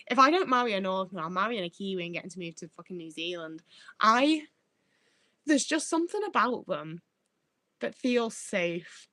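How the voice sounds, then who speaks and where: A woman's voice: mid-range voice, bright, forceful tone, no room sound. A woman livestreaming who reads out chat as she goes. She rambles, swears freely and trips over her own words.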